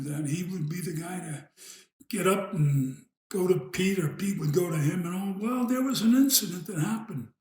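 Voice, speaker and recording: A man with a New York accent, telling an old family story in a casual, unhurried way, pausing and trailing off into asides. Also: high-pitched, a little mellow. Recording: echoey room.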